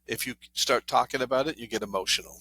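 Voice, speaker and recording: A man's voice: mid-range voice, quick pace, dry recording. A middle-aged man, a trauma therapist, telling stories in a podcast interview and acting out what people said. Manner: animated anecdotes, acts out quoted voices.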